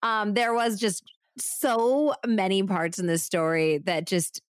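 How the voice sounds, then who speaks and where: A woman's voice: mid-range voice, steady tone, slow pace, smooth, no room sound, clean studio sound. Woman narrating true crime with drama. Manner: dramatic storytelling, playful banter. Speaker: podcast co-host and storyteller.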